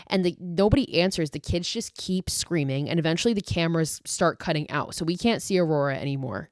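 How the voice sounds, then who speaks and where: Lowish woman podcaster, dry sound, chatty horror movie recap, salty asides. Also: fairly quick, hardly any pauses, darkish tone, no room sound. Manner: profane, exasperated asides; filler-heavy retelling with 'like'. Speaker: podcast host.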